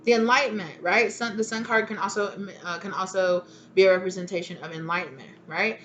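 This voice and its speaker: A woman's voice: mid-range voice, brisk, a bit bright, dull audio, slight background noise. A woman giving a casual spoken tarot reading, rambling and chatty, with many fillers and restarts. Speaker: tarot reader.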